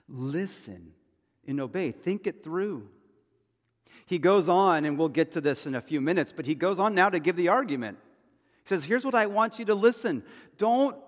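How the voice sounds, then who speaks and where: A man preaching a sermon as pastor, talking in a loose, conversational storytelling way with asides and repeated phrases. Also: medium pitch. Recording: long hall reverb.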